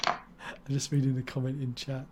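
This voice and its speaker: A man's voice: medium pitch, monotone, brisk, noisy background. A man hosting a live-stream interview, chatty and jokey, rambling from topic to topic. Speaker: stream host.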